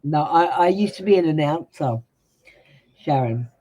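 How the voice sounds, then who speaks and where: With a dark, low-pitched voice, an Australian tarot reader streams live, chatting casually and bluntly with her audience. She is animated but keeps a measured pace, and her delivery has a practiced announcer quality.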